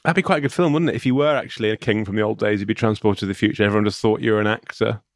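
A man's voice: fairly low pitch, steady tone, very fast, no echo, studio quality. A man co-hosting a comedy chat podcast, riffing on ideas and laughing often. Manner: riffing, bursts into laughter, puts on silly voices. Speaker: podcast co-host.

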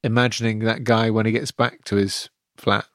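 A man co-hosting a comedy chat podcast, telling jokes in a dry, deadpan way. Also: fairly low pitch, moderate pace, no room sound. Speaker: podcast co-host.

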